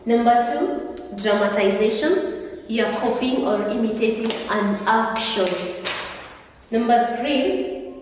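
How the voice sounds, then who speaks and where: A woman's voice: medium pitch, a little hiss or hum. A woman teaching an exam revision lesson to camera, playful and asking the viewer questions. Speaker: English teacher. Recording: echoey room, voice from far off.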